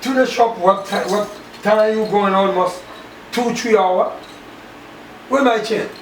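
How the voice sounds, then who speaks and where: A Bahamian dad with a fairly high voice, who talks emphatically and repeats himself. He is recorded in a roomy space far from the mic. Background noise runs underneath. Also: unhurried. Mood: upset, pleading. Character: adult man, a hot-tempered but doting father. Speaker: actor in a low-budget feature film. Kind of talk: naturalistic film acting.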